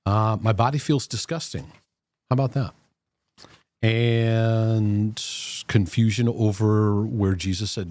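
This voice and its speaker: A man's voice: fairly low pitch, measured pace, darkish tone. A man hosting a Christian mental health livestream, chatting casually and reading out viewer comments, laughing easily between them. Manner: chatty, laughs easily, many fillers and restarts.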